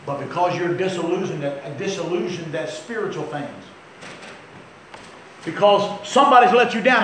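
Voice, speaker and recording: A middle-aged man preaching a sermon, telling folksy stories and breaking into sudden loud outbursts. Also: high-pitched, expressive, normal speed, a little hiss or hum. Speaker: pastor. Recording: very echoey church hall.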